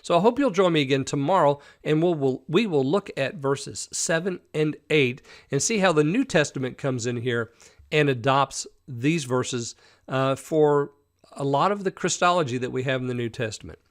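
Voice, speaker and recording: A man teaching a daily Bible lesson, reading his own translation of a psalm and explaining it in an animated, conversational way. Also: fairly high pitch, moderate pace. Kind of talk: daily Bible study talk.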